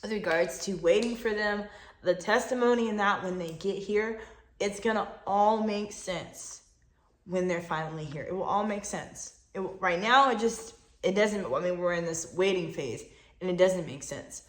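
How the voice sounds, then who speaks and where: A woman's voice: mid-range voice, normal speed. Echoey, emphatic faith podcast woman. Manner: emphatic, encouraging, repetitive. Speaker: podcast co-host. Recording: echoey room.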